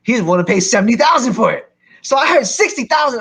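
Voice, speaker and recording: A man from Philadelphia telling a lively story to a seminar audience as a real estate investor, acting out the people in it. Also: high-pitched, fast, slightly rough. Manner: animated, acts out other people's lines.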